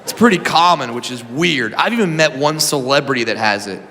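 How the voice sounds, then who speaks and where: A male stand-up comedian telling a story on stage, animated, shouting punchlines and putting on shrill mock voices. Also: a little fast. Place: comedy club stage before a live audience. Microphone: handheld stage microphone. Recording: live stage recording, long hall reverb, crowd noise. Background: audience laughter.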